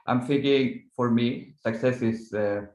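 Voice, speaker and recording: A man in his thirties, a podcast guest, answering in a halting, thoughtful way as he searches for words. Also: mid-range voice, steady tone, darkish tone, reverberant, low-quality recording. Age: 30s. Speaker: startup co-founder and guest. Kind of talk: casual interview chat. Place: indoors in the evening.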